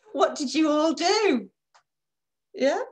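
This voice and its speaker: A woman leading a live online training session, lively and encouraging, who keeps checking in with her listeners. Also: sits high, very slow. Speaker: corporate trainer.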